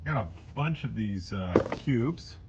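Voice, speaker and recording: A man's voice: medium pitch, expressive, slow pace, dull audio, very noisy. A man, a bead shop owner walking through his weekly specials in rambling, jokey sales patter while holding the camera himself. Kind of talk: casual product showcase. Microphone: handheld camera he is holding himself. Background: loud background music.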